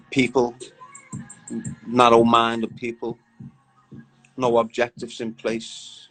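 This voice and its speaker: A man's voice: medium pitch, a bit bright, rough recording. A young man hosting a casual live stream, bantering with viewers in a slangy, chatty way. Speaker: livestream host.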